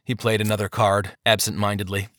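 A man narrating a story in a lively, expressive reading on a close microphone. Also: on the low side, brisk, no room sound. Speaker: audiobook narrator. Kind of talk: scripted narration.

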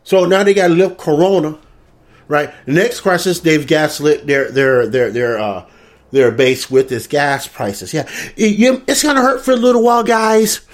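A man's voice: fairly high pitch, moderate pace. A man hosting a comedic political rant, profane and laughing often. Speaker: commentary show host.

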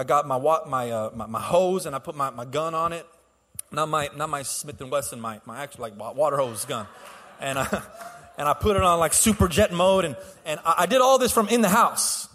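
A man's voice: high voice, sharp tone. A man preaching a sermon as pastor, telling stories casually with restarts and laughs, then building to fervent exhortation. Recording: long hall reverb.

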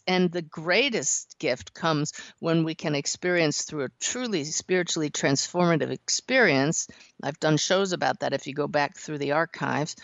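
A woman hosting a spiritual call-in radio show, talking to callers in a gentle, earnest and reassuring way. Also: lowish voice, no echo. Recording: dry, slightly dull radio sound.

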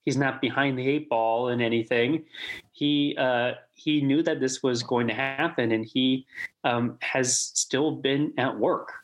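A man's voice: medium pitch, steady tone, measured pace, lo-fi sound. A man co-hosting a church podcast in casual chat, upbeat and chatty with many fillers. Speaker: podcast co-host.

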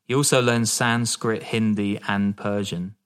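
Man, fairly low voice, relaxed storytelling, podcast co-host, laughs a lot. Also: a little slow, smooth. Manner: laid-back, laughs often, swears casually. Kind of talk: casual storytelling chat.

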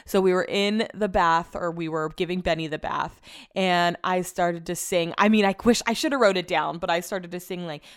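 A woman's voice: lowish voice, normal speed, smooth. A young adult woman hosting a casual solo podcast from home, rambling through everyday stories, swearing casually and laughing often. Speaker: podcast host.

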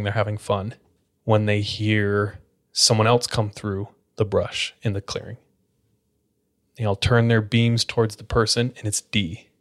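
A man hosting a podcast, casually retelling a spooky account and leaning on "like" as a filler. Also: lowish voice. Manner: relaxed retelling full of likes. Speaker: podcast host. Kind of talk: casual storytelling.

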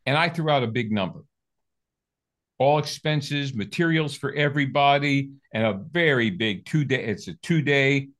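A man's voice: medium pitch, moderate pace. An older man, a sales coach, telling a story with energy and acting out both sides of the conversation as an interview guest. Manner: lively storyteller, acts out both sides of dialogue.

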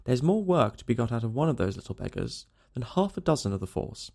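Man doing a dry clever detective, calm and grave, gravelly. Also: medium pitch, quick pace. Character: cool, incisive male consulting detective. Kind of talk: audiobook character voice.

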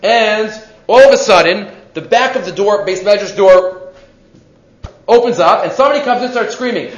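A man giving a weekly Torah lesson, telling stories in a lively way and acting out the voices of the people in them. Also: high voice, normal speed. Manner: animated storyteller who acts out quoted voices. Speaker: Torah class teacher. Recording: echoey room, dull lo-fi sound.

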